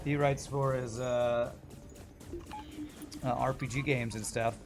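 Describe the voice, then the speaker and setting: A man's voice: medium pitch, fairly even intonation, slow pace, pauses often, music in the background. A man chatting casually as he streams a game, rambling and laughing often. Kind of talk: casual gameplay commentary.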